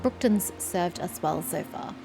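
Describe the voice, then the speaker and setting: A woman voicing a calm female trader and mother, speaking quietly and plainly. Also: lowish voice, unhurried, vocal fry, music in the background. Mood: fond. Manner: quiet, matter-of-fact.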